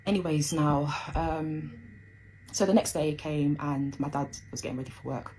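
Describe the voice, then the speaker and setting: Low-voiced woman telling a story. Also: warm tone, slight background noise, low-quality recording. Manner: emotional, fast, breathless retelling with many fillers. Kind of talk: casual storytime monologue.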